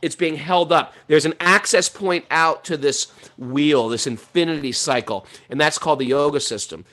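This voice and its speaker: A middle-aged man talking in a casual, animated way about spiritual life, laughing often as he tells stories. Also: on the high side, moderate pace. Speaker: podcast host.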